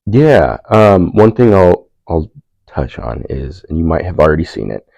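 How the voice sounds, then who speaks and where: Young man, very low voice, dry close sound, relaxed storyteller who laughs often. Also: a little slow, vocal fry, no echo, dull audio. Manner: relaxed, laughing, animated when quoting others. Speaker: panel speaker. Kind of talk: casual storytelling in a discussion.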